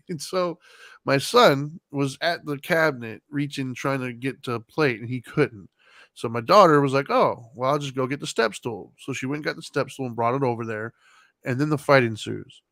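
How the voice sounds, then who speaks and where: A man's voice: medium pitch, moderate pace, dry recording. A man in his thirties on a podcast, talking casually and telling a story at an easy, meandering pace. His voice sits in a middle register and is heard close and dry, with no room sound around it. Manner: relaxed, rambling with many fillers and laughs. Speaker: podcast co-host.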